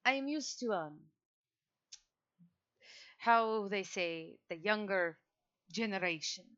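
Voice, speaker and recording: A woman's voice: mid-range voice, slow, clean tone, highs cut off. A woman playing a weary old-world vampire man. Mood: stiff. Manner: formal, clipped, deadpan. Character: stiff old male vampire, three centuries old, weary.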